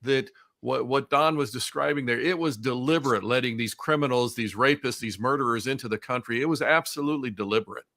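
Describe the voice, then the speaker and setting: A man's voice: mid-range voice, a little fast, hardly any pauses, sharp tone, dry recording, studio quality. Brief: male political guest, insistent, repeats himself for stress. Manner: emphatic, repeats words as he builds a point. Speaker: guest commentator. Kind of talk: political commentary.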